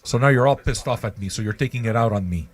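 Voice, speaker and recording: A man's voice: mid-range voice, fast talker, husky. A man hosting an online radio show with a rambling, mocking, profane ranting monologue.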